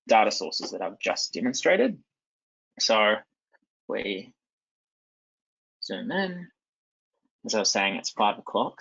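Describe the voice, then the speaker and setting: A man walks through a live software demo in a loose, chatty way, full of ums and restarts. His fairly low voice has a gravelly, husky edge but still sounds bright and forward. The recording is dull and lo-fi. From New Zealand. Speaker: conference presenter.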